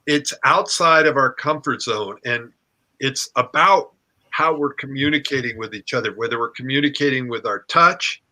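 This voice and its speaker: Animated, bright-voiced man coaching. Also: medium pitch, normal speed. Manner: animated, playful, exclaims and acts out reactions. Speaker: relationship coach. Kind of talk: casual conversation.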